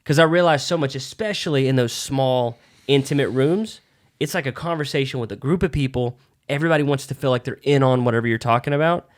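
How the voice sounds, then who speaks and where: A young man co-hosting a casual chat about stand-up comedy, telling animated stories and swearing freely. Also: mid-range voice, fast talker. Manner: animated storyteller, swears a lot. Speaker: podcast co-host, aspiring comedian.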